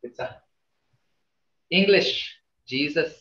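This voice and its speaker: A man teaching a language class over a video call, slowly repeating words to show how tone changes meaning. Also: fairly high pitch, pushed and bright. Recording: roomy, dull video call audio.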